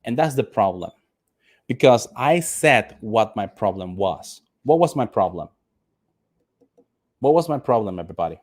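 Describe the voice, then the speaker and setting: Lecturing online to call center employees, this Nicaraguan English teacher has a fairly low voice, lively intonation, and normal speed, with long pauses. He emphatically repeats his questions to the class and plays an angry customer.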